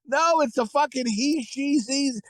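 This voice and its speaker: A man riffs crudely through a movie review on a podcast, excitable and profane. His talk rambles and piles up asides, and the room around his voice stays dry and close. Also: very high-pitched, measured pace, no room sound, low-quality recording. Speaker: podcast co-host. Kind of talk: casual movie review chat.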